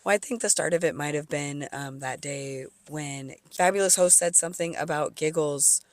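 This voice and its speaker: A podcast co-host in casual chat, chatty and quick to laugh. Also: medium pitch, no room sound. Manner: chatty, laughs often, fillers like da da da.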